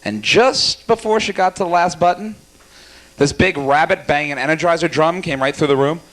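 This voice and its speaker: Young male stand-up, slightly high voice, quick teasing crowd work, live cafe set. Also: a bit bright. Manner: rapid, jokey, teasing the audience. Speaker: stand-up comedian. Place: small cafe club, live audience.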